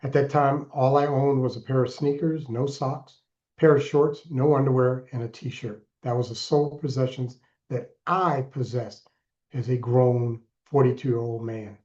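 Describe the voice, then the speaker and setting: A man in his sixties speaks as a podcast guest, recounting his past earnestly and deliberately, now and then pressing hard on a word. His voice is mellow and dark. The recording is a bit dull and lo-fi. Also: medium pitch, fairly even intonation. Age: 60s. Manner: earnest, deliberate storytelling with emphatic bursts. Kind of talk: personal story in interview.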